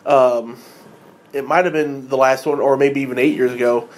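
A man's voice: mid-range voice, steady tone, normal speed. A man hosting a podcast, talking casually in a rambling way and laughing often. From United States. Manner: rambling, many fillers and restarts, laughs often. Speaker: podcast host. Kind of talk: casual chat.

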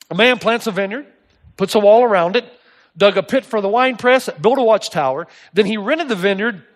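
A man preaching a sermon as pastor, telling stories with laughter and acted-out quotes. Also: sits high. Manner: animated storytelling with laughs and voiced quotes.

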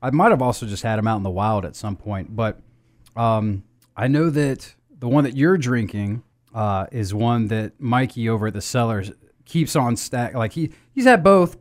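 Speaking at normal speed but with plenty of animation, a man hosts a casual beer podcast. His chat rambles, with restarts and fillers, and his pitch and volume keep leaping up and down.

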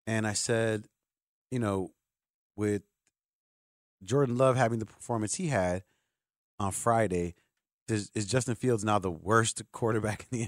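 Animated male sports radio host. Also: fairly low pitch, no room sound, clean studio sound. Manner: animated, joking, talks over callers.

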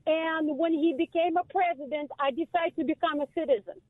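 A woman with a Russian accent and a high voice calls in over a thin, tinny phone line. She talks effusively, piling on praise and cutting in with "listen". The sound is dry and close. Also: steady tone, fairly quick, dry recording. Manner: effusive, keeps saying "listen". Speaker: caller. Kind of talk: call-in radio chat.

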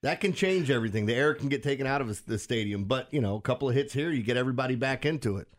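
Animated Baltimore sports radio host. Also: male voice, mid-range voice. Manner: animated, laughs often, quick restarts. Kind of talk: casual sports radio chat.

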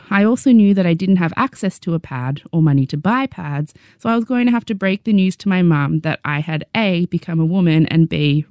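A young adult woman with an Australian accent narrating her memoir with wry, deadpan humor. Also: fairly low pitch, dry recording.

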